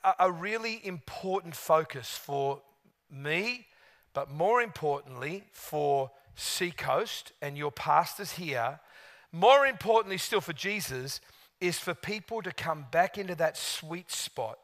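Bright, lively preacher. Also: male voice, fairly high pitch, slow. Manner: gregarious, animated storyteller. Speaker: guest preacher. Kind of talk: sermon with storytelling.

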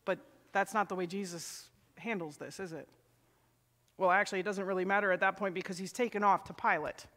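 A man's voice: sits high, fairly even intonation, fairly quick, sharp tone. A middle-aged male pastor preaching a sermon in a church sanctuary, talking conversationally and asking the congregation questions. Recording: long church reverb.

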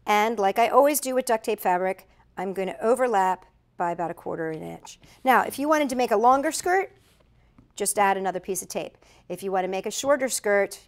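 A woman's voice: medium pitch, darkish tone. A middle-aged woman giving a chatty step-by-step craft tutorial, correcting herself as she demonstrates. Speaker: craft instructor.

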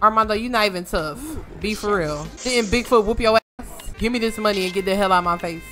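A woman giving casual let's-play commentary, animated and joking, swearing freely and scolding the characters on screen. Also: mid-range voice, a little fast, few pauses, faint music behind. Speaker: gaming streamer.

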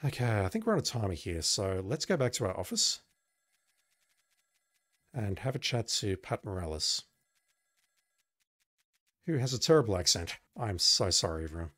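A man's voice: lowish voice, very animated, moderate pace, long pauses, a bit bright. Wry man narrating a retro game. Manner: wry, self-deprecating asides. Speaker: let's play gamer. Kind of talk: reading game text with commentary.

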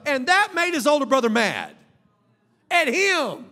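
A man preaching an emphatic, animated sermon as a pastor, with bursts of shouting. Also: very high-pitched, a little slow. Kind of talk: lively sermon. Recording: long reverb of a large hall.

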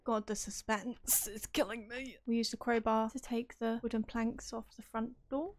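A gaming streamer commentates her own horror game playthrough, talking to herself, jumpy, swearing and screaming at scares. Her voice is on the high side, with fairly even intonation at a normal speed.

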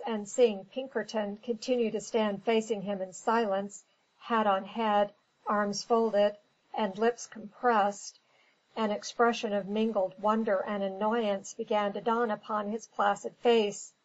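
A woman reading an audiobook in measured, scripted narration. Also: mid-range voice, muffled recording.

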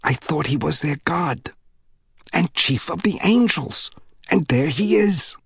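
A man voicing a timid young boy in a whispered role-play, hushed and wide-eyed. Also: on the high side, animated, takes it slowly, gravelly, slightly rough, dry recording, clean studio sound, pitched above the performer's own voice, exaggerated voice. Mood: awed.

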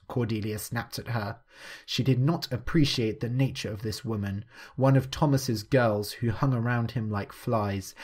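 A man narrating a scripted story clearly and steadily for language learners. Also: medium pitch.

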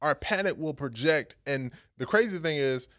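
A man's voice: fairly high pitch, normal speed, no echo, studio quality. A young adult man preaching a casual, conversational sermon to a young adult ministry. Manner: animated, conversational, with casual fillers.

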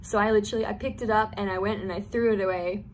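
A woman's voice: medium pitch, steady tone, fast, a little mellow, a little hiss or hum. A young woman telling a personal faith testimony in an earnest, storytelling way, with casual fillers. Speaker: youth testimony speaker.

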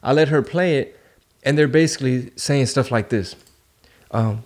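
Man, podcast host, casual slangy chat, middle pitch. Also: normal speed, pauses often. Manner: casual, slangy, animated when telling stories.

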